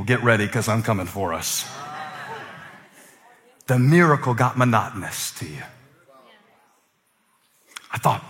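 Animated preacher with a bright voice. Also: male voice, medium pitch, long reverb tail. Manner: animated preaching, acts out voices, swings from loud to hushed. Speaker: pastor. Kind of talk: sermon.

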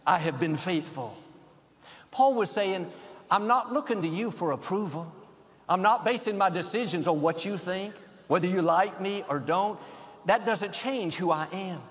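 Upbeat male preacher in a big echoing hall. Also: sits high. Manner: upbeat, measured preaching with rhythmic lists. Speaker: pastor. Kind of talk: sermon.

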